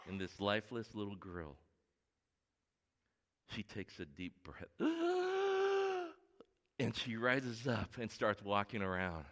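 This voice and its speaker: A middle-aged man preaching a sermon as a pastor, telling stories in an earnest way that swings between hushed and emphatic. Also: lowish voice, a little slow. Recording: long reverb of a large hall.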